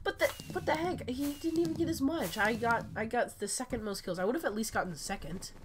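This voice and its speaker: A woman giving excitable, chatty gameplay commentary while sick, her voice cracking often. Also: on the high side, quick pace, background noise. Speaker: gaming channel host.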